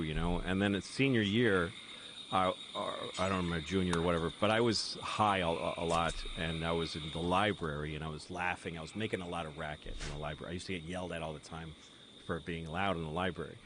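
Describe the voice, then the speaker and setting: A man's voice: low-pitched, fairly even intonation, fast talker. A man talking as a podcast guest. He rambles through long anecdotes and laughs at his own stories. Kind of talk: casual chat, telling anecdotes. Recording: podcast audio under loud background noise.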